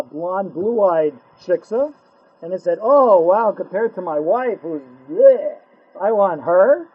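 A man teaching an animated Torah class, firing rhetorical questions, acting out dialogue and using Hebrew and Yiddish terms. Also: high-pitched, breathy edge. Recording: dull lo-fi recording.

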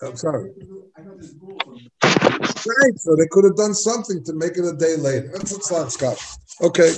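A man teaching a Talmud class, halting and repeating words as he searches for them. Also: fairly high pitch, lively intonation, heavy background noise.

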